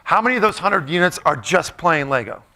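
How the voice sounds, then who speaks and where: A man's voice: fairly high pitch, sing-song, fairly quick, bright, forceful tone. A man giving a playful, jokey motivational talk, quizzing a live audience in a large room. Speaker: motivational speaker.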